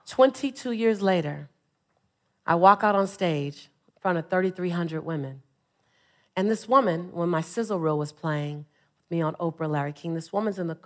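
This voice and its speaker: A woman in her forties giving a live motivational stage speech, telling funny stories and rousing the crowd with call-and-response. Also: lowish voice. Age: 40s. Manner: animated, humorous storytelling, rousing exhortations. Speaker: motivational speaker.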